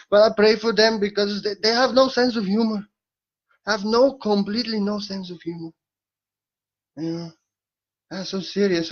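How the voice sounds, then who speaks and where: A man's voice: on the high side, lo-fi sound. A man giving a spiritual monologue in a playful, irreverent way, swearing casually.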